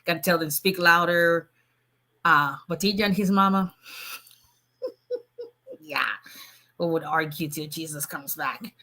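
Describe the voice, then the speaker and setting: Speaking in a low-pitched voice, this middle-aged immigration lawyer from Nigeria is on a casual live stream. Her delivery is quick and lively, with frequent laughter.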